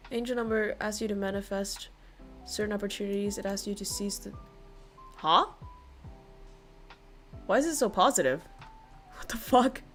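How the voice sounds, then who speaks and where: Chatting casually with her viewers, a woman streamer speaks in a mid-range voice, excitable and quick to laugh, with plenty of free swearing.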